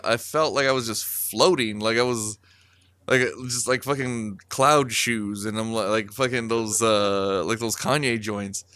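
A Californian man with a medium-pitched, sharp yet smooth voice tells a rambling story in casual chat. It's packed with fillers and swearing, and he laughs as he tells it, with no room sound.

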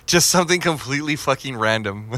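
A man's voice: medium pitch, bright, forceful tone, dry recording. A man in casual, crude podcast chat who swears freely and laughs often.

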